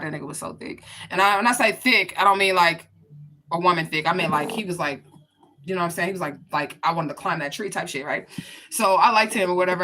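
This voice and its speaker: A woman's voice: low-pitched, bright, forceful tone, a little hiss or hum. A woman giving a casual spiritual reading to her viewers, blunt and profane, talking straight to them. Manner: blunt, profane, chatty, addresses viewers directly. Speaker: spiritual reader.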